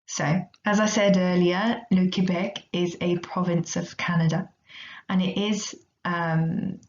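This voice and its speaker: A woman teaching a recorded language lesson, speaking slowly and carefully and repeating each phrase for her students. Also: lowish voice, steady tone. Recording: echoey, slightly dull recording.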